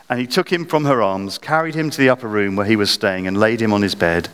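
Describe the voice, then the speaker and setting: A man preaching a sermon, dramatic, his voice climbing high when he acts out quoted prayers. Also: fast, hardly any pauses, fairly bright tone, clean tone. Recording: long hall reverb.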